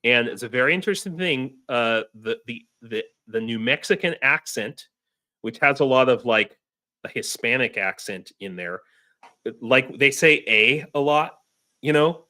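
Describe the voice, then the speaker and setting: A man's voice: medium pitch, animated, normal speed, sharp tone. An American man in a casual online roundtable, talking in a rambling way with restarts. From United States. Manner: rambling, many restarts and fillers. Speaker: show regular.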